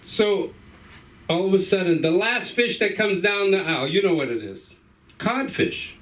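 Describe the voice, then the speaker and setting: A man's voice: high-pitched, normal speed, distant mic, poor audio. A man in his fifties from the Cape Verde Islands telling a rambling stand-up story at an open mic, acting out the voices of the people in it. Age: 50s. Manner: rambling, animated, acts out voices. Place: comedy club stage.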